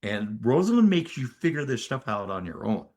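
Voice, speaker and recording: An older man speaks as a physician guest on a podcast, telling his story with emphatic, animated energy. His pitch sits mid-range but swings widely as he leans into the key moments, often pausing to check in with the listener. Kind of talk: conversational storytelling in an interview.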